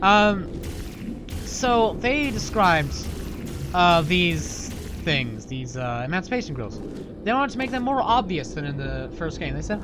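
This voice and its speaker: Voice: mid-range voice, big pitch swings, measured pace, background noise. A let's player giving casual gameplay commentary, rambling and jokey, with playful asides. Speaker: video game let's player.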